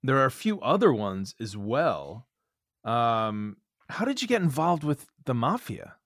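A man's voice: mid-range voice, sing-song, unhurried, fairly bright tone, dry recording. Podcast host guy asking questions, curious, laughs a bit, dry mic. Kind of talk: interview.

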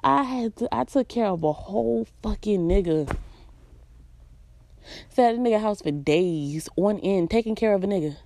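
A woman's voice: medium pitch, expressive, normal speed, creaky, warm tone. A woman giving a blunt, profane, emphatic personal monologue, hammering her points home with repeated phrases. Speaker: vlogger.

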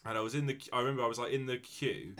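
A man's voice: mid-range voice, very fast, a bit bright. A young man from London co-hosting a comedy podcast, telling stories in loose banter. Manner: storytelling banter with put-on voices. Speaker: podcast co-host. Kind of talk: casual comedy podcast chat.

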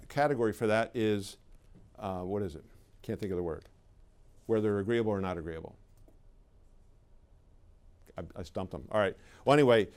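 A middle-aged man leads a live sales training seminar for clinic owners, speaking conversationally and emphatically while putting questions to the audience. His mid-range voice is a little mellow.

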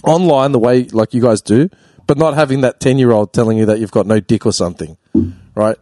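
A man's voice: mid-range voice, fairly quick, dark tone, dry recording. A man in casual podcast chat, opinionated and rambling, full of "like".

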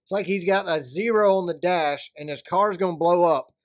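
A man's voice: high voice, moderate pace, no echo. A man co-hosting a casual sports podcast, joking and rambling about races. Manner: joking, rambling, breaks into silly voices. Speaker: podcast co-host. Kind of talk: casual chat.

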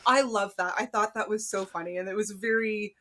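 A woman co-hosting a casual movie review podcast, chatty and quick to laugh, with plenty of fillers. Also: mid-range voice, fairly bright tone. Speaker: podcast co-host.

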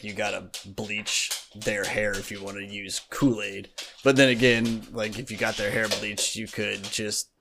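A man's voice: fairly low pitch, a bit bright, slight background noise. A man co-hosting a podcast, telling a long story in casual chat, full of fillers and asides. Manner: rambling storytelling with many fillers. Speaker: podcast co-host.

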